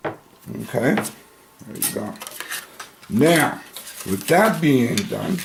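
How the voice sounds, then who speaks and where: A man talks through a craft demonstration in an unhurried, easygoing way, narrating each step as he works. His pitch sits in an ordinary middle range, and faint background noise with light clicks runs under the recording. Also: gravelly. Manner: slow, relaxed, thinking aloud while cutting and pinning. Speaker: handbag-making instructor. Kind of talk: casual tutorial demonstration.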